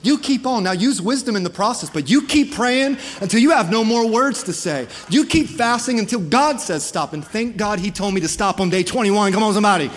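A man's voice: sits high, lively intonation, a little fast, hardly any pauses, long reverb tail. A man preaching a sermon as pastor, impassioned and calling out to his congregation. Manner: impassioned preaching with call-and-response.

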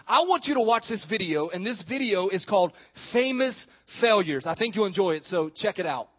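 High-voiced joking male pastor. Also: lively intonation, fairly quick, lo-fi sound. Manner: joking, talks with the congregation. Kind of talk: sermon.

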